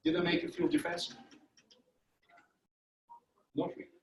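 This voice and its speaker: A man's voice: on the high side, little pitch movement, normal speed. Man lecturing in an echoey room. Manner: explanatory, illustrates with live demos. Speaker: trainer. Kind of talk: training lecture. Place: conference room.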